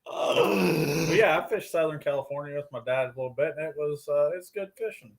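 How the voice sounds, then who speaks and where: Slightly high-voiced joking male guest. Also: brisk, gravelly. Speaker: guest angler. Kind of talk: casual chat.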